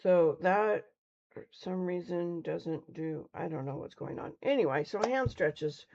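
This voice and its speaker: A woman's voice: on the low side, animated, measured pace, creaky, darkish tone, highs cut off. A middle-aged woman casually teaching beginners on a live stream, chatty and rambling, often stumbling over her words. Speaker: crochet teacher.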